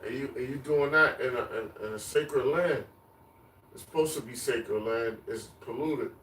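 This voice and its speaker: A man's voice: medium pitch, normal speed, a bit bright, a little hiss or hum. A man preaching on the street, emphatic and repetitive, chanting lists of words. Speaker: street teacher. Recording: echoey, distant mic, faint ambience.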